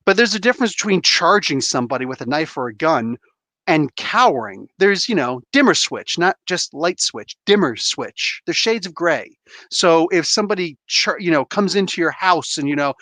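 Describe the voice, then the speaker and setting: Lively, emphatic male host in his forties, dry close sound. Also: a little high, normal speed, no echo. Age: 40s. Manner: animated, emphatic, acts out voices. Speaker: comic book show host. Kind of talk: opinionated live-stream monologue.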